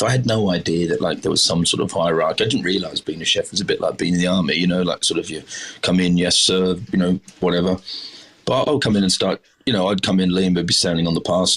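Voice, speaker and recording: A man's voice: sits low, fairly even intonation, quick pace, fairly bright tone, breathy edge. A middle-aged Australian man, a chef telling stories in a casual interview, rambling with lots of fillers and restarts. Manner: rambling, many fillers and restarts, self-deprecating. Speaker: chef, podcast guest.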